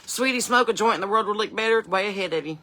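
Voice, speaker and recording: Racing along in a lightly acted comedy monologue, a woman plays a twangy, chain-smoking, sassy mom of middle age from the hills. Her medium-pitched voice is bright and forceful as she rambles with folksy, cheeky asides.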